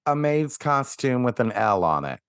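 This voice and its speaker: A man's voice: mid-range voice, very animated, normal speed, fairly bright tone, smooth, no room sound, studio quality. A man co-hosting a podcast, wryly picking apart a sitcom plot in casual chat. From Orlando. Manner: wry, picks the plot apart. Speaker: podcast co-host.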